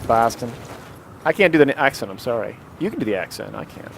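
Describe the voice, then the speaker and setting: A man calling live esports play-by-play, excitable and jokey, reading viewer chat aloud between plays. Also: mid-range voice, fast talker, vocal fry, noisy background. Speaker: esports commentator.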